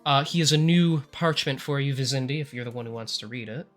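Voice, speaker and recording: A man's voice: medium pitch, fast, fairly bright tone, soft background music. A man narrating a tabletop game as game master, with joking, self-mocking asides.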